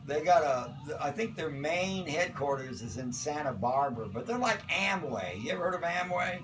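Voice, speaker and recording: An older man telling a rambling personal anecdote, acting out voices and breaking into shouts. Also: on the high side, moderate pace. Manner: animated, acts out voices and shouts in his stories. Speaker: storyteller. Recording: distant mic with loud music behind.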